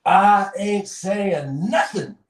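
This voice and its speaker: A man voicing a stubborn talking male dog that speaks slowly and gruffly. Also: sits high, pitched above the performer's own voice. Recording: roomy, distant mic.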